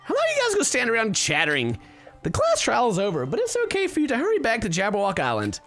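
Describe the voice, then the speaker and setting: A man's voice: extremely high pitch, wildly swooping pitch, fast, music in the background, pitched above the performer's own voice, exaggerated voice. A man voicing a mischievous male bear mascot in a sing-song, mocking way while reading a game's dialogue. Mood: gleeful taunting. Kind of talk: game let's play voice reading.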